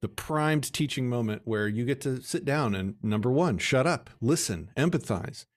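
A man's voice: medium pitch, lively intonation, normal speed. A man talking casually about how he raises his kids, earnest and explanatory. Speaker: parent guest. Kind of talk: casual conversation.

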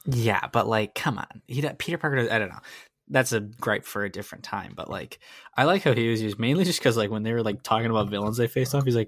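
A man's voice: on the low side, fast talker, a bit bright, no echo, clean studio sound. A man co-hosting a podcast, chatting casually about a film with a laid-back, griping manner and casual swearing. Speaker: podcast co-host. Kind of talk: casual movie review chat.

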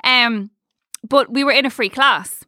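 A woman with a bright, sharp tone and a dry, close sound. She rambles chattily through her stories and leans on fillers. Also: sits high, unhurried, no room sound. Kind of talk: casual chat.

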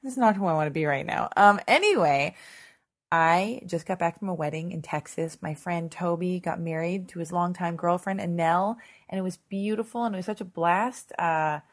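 A hoarse woman hosting her podcast, chatty and animated, swearing freely in a casual intro monologue. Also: fairly low pitch, moderate pace. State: hoarse, lost voice. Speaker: podcast host. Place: Los Angeles.

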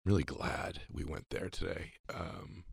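A man hosting an interview, responding in an affirming, emotional way and speaking with pauses and fillers. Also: sits low, steady tone, gravelly, slightly rough, no echo, studio quality. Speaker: podcast host. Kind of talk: interview conversation.

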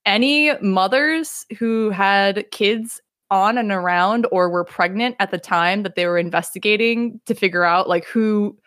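A woman leading a casual podcast discussion, excited and joking, with some swearing. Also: medium pitch, a little slow, hardly any pauses, no room sound, studio quality. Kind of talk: casual chat.

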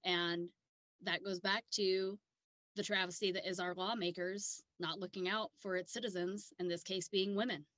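A woman's voice: fairly low pitch, steady tone, normal speed, fairly bright tone, dry recording. A woman from South Dakota co-hosting a podcast, chatting casually in a blunt, profane way and laughing easily. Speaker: podcast co-host. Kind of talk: casual chat.

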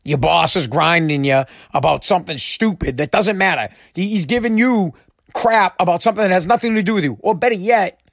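A man's voice: high-pitched, a little fast, vocal fry, no echo, studio quality. A man giving a casual, profane, exasperated rant, repeating himself for emphasis. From Boston area. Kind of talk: casual ranting monologue.

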